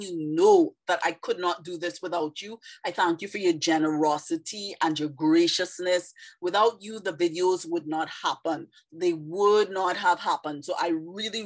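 Trini lady chatting to her viewers, kinda low voice, earnest and chatty. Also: rough recording. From Trinidad and Tobago. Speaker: video creator. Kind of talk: casual talk to viewers.

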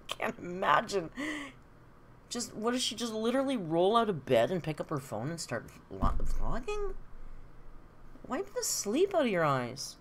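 A woman's voice: medium pitch, sing-song, moderate pace, a little hiss or hum. A middle-aged woman hosting a live stream, chatting candidly and answering comments from her viewers. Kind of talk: casual live-stream chat.

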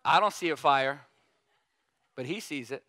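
A man in his thirties preaches a sermon through personal stories, chatty and keen to draw in the congregation with questions. His voice sits a little high and sounds bright and forceful. The sound is close and dry, with no room echo. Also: measured pace. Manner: conversational, keeps asking the congregation questions.

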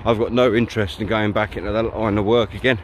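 On a riverside countryside path, a hiking vlogger talks to the camera in a casual walking monologue, blunt and freely swearing. His voice sits on the low side, level and fast, with a bit of background noise.

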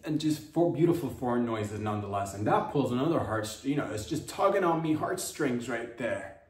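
A man telling a rambling, animated comic story as a podcast host, swearing freely. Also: medium pitch, fairly quick. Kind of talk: comedic storytelling. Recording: echoey room, distant mic.

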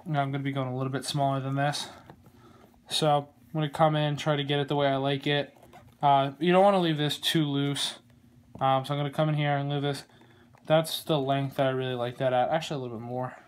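A man giving a casual how-to tutorial on a glove, relaxed and rambling, with plenty of fillers and small jokes. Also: mid-range voice, fairly quick. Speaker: glove maker demonstrating lacing. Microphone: phone camera.

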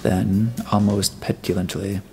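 A man narrating an audiobook in a measured, even storytelling manner. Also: on the low side, soft background music. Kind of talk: scripted narration.

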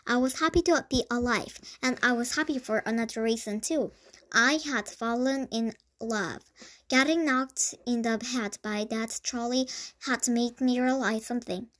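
A woman reads a children's storybook aloud in a lively way, sometimes tripping over a word. Her voice sits a little high. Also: measured pace. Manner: lively storytelling with small stumbles. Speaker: storybook reader. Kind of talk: reading a children's book aloud.

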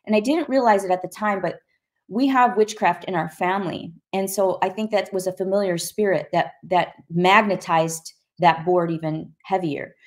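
A middle-aged woman sharing a personal testimony as an interview guest, telling her story in a lively, conversational way and acting out the voices in it. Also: fairly low pitch, normal speed.

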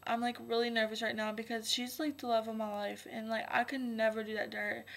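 A woman's voice: fairly high pitch, flat delivery, a little fast, creaky, a bit bright. A young woman vlogging casually, anxious and rambling, using lots of "like". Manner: anxious, rambling, heavy "like" filler. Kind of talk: casual vlog.

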